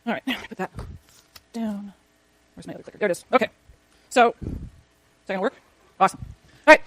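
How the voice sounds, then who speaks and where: Fast-talking high-voiced woman lecturing. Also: a bit bright, dry recording. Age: middle-aged. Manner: chatty, asks the class questions. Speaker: economics lecturer. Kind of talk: university lecture.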